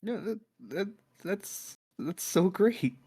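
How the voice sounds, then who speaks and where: Man doing a nervous village headman, stammering, hesitant, slightly high, dry close sound. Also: slow, a little mellow, no room sound.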